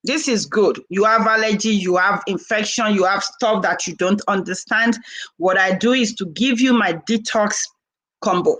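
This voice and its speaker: Lady in her 40s vlogging, bright forceful voice, lively storytelling with laughs. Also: mid-range voice, normal speed, rough recording. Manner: animated, laughing, acts out quoted dialogue. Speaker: vlogger and herbal seller. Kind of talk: casual chat to camera.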